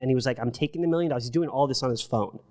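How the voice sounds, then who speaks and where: Fast-talking man telling a wild story. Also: mid-range voice. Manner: animated, profane, acts out quotes. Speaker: podcast guest. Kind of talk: storytelling in casual chat.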